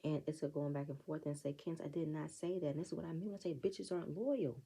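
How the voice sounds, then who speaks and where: A woman with a low, gravelly voice gives a casual recap of a reality show. She is blunt, sassy and profane, and calls out the cast by name. Her tone is dark and a bit husky. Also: quick pace, hardly any pauses, low-quality recording.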